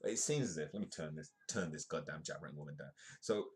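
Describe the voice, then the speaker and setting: A man's voice: a bass voice, fast. A man hosting a casual livestream, rambling with jokey asides as he comments. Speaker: livestream host.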